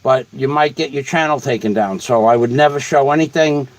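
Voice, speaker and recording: A man's voice: medium pitch, fairly quick, low-quality recording. A man hosting a casual livestream, reading viewer comments in a blunt, profane, rambling way. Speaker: livestream host.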